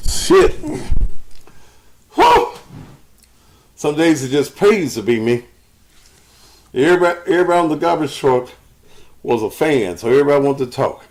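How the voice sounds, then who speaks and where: A man's voice: fairly high pitch, lively intonation, moderate pace, long pauses. A middle-aged man hosting a loose live talk, cursing and rambling while out of breath. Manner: loose, profane, rambling storytelling. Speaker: show host. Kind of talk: casual live talk to viewers.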